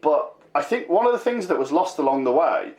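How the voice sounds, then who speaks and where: A man's voice: a little high, sing-song, fairly quick, darkish tone. Chatty man in a roomy room. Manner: rambling, emphatic, full of fillers. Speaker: podcast co-host. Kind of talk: casual wrestling chat. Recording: roomy echo.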